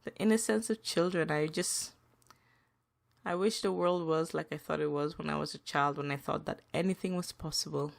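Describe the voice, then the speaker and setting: A woman hosting a solo podcast, venting emphatically and repeating herself, her pitch rising when upset. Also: fairly even intonation, normal speed, gravelly. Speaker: podcast host.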